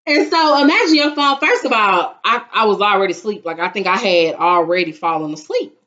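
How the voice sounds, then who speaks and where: A young woman, telling a story in casual, dramatic vlog chat. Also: mid-range voice. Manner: animated, dramatic retelling with acted-out quotes. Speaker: vlogger. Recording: dull lo-fi sound.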